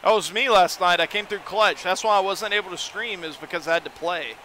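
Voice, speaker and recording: High, bright young man streaming. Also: brisk, a little hiss or hum. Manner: joking, excitable, talks to chat. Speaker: game streamer. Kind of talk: casual live-stream commentary.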